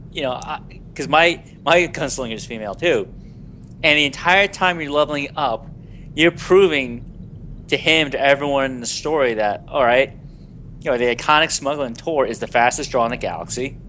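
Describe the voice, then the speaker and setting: Lively, bright-voiced man podcaster. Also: medium pitch, moderate pace, a little hiss or hum. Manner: lively, laughs, animated asides. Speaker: podcast co-host. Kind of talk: casual gaming podcast chat.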